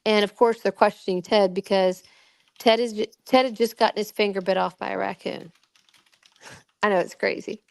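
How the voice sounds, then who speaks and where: A middle-aged woman telling a personal story in casual chat, animated, acting out what people said, with many restarts. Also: medium pitch, normal speed, gravelly, no room sound. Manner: animated, acts out quoted voices, many restarts. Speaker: guest recounting a personal experience.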